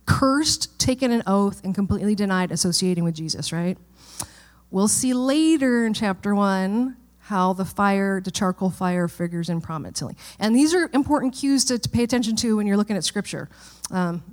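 A woman pastor giving a casual, conversational sermon and Bible study, often checking in with listeners. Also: mid-range voice. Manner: chatty, informal, frequent "okay?" checks with listeners.

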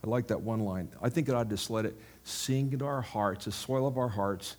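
A middle-aged male pastor giving a sermon, jokey and animated in the telling, then soft and prayerful. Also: mid-range voice, brisk.

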